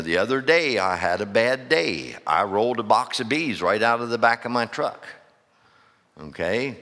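A man's voice: on the low side, bright, forceful tone. A male pastor from preaching a sermon, telling stories and calling out questions to his congregation. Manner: storytelling, rising to fervent preaching with questions to the congregation. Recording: echoey church hall.

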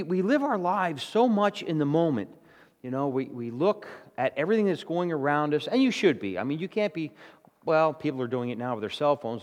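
A man delivers a sermon in a casual, down-to-earth way, tossing in "all right?" to keep his congregation with him. His voice sits a little high for a man. The long reverb of a big church hall trails behind every word. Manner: conversational, plain-spoken, with frequent "okay?" and "all right?" check-ins. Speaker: pastor.

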